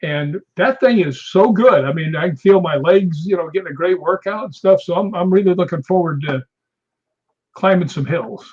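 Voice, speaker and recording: A middle-aged man with a somewhat high, husky voice hosts a relaxed conversation over a video call. He tells stories with a chatty, laughing manner, and the streamed audio sounds a bit muffled. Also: moderate pace. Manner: chatty storyteller, laughs often. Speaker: guest host. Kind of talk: casual chat.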